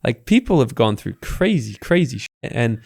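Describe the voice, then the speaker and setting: An Australian man guesting on a podcast, telling stories in a casual, animated way and acting out the people he quotes. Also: mid-range voice, normal speed, creaky, husky, dry recording, clean studio sound. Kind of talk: casual interview talk.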